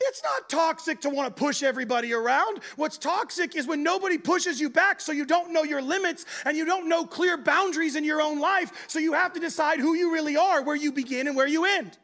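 A man preaching at a church gathering in a lively, conversational way, acting out other people's voices. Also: extremely high pitch, fairly quick, few pauses. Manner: animated, conversational, acts out voices. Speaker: guest preacher. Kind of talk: sermon.

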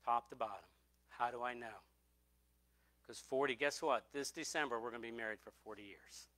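A man's voice: medium pitch, brisk, sharp tone. A middle-aged man preaching a sermon, telling a personal testimony earnestly and repeating phrases for emphasis.

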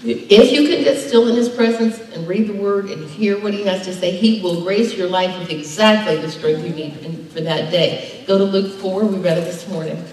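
A woman's voice: medium pitch, moderate pace, few pauses, darkish tone. A woman pastor preaching a sermon, emphatic and drawing responses from her congregation. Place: church sanctuary. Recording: echoey church hall, distant mic.

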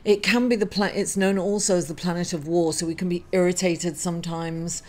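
A grieving woman giving a casual weekly astrology reading, halting and apologetic with many fillers. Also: lowish voice, steady tone. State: grieving, tearful at times. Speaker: astrology reader. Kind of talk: casual weekly horoscope talk.

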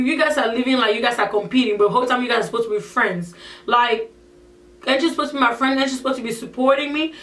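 A woman's voice: a little high, fairly bright tone. A woman vlogger talking casually to camera in an emphatic rant, peppering her talk with "like". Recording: echoey room, mic at a distance.

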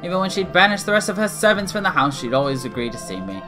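Man voicing a gentle retired old toy maker. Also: high voice, sing-song, racing, music in the background. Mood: kindly. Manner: kindly, fussing.

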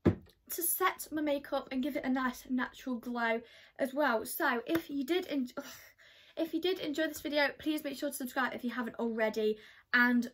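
Teen girl, beauty vlogger, bit high voice, rambling makeup chat. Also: a bit bright, a little hiss or hum. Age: teens. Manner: chatty, lots of "like" fillers. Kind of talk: get-ready-with-me makeup chat.

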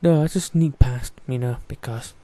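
A man's voice: mid-range voice, moderate pace, warm tone. A man giving casual, chatty let's-play commentary, joking and talking to the game's characters as he plays. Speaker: gaming YouTuber.

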